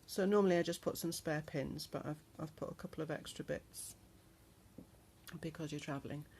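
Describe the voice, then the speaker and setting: A woman's voice: sits low, a little mellow, a little hiss or hum. A woman chatting through a handmade travel journal in a casual show-and-tell vlog, with lots of ums. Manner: chatty, unhurried, many ums. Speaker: crafter showing a handmade journal.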